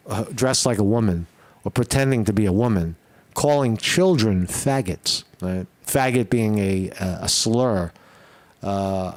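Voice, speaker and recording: A man hosting a political commentary show, ranting bluntly and profanely with many halting restarts. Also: lowish voice, dry recording.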